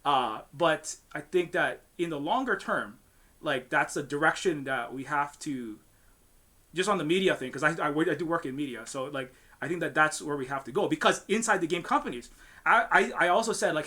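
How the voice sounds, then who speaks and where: A man's voice: on the high side, expressive, normal speed, pushed and bright. A man from Hawaii speaking on a panel as a game studio founder, heated and ranting, swearing and restarting his sentences often. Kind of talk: impassioned panel discussion.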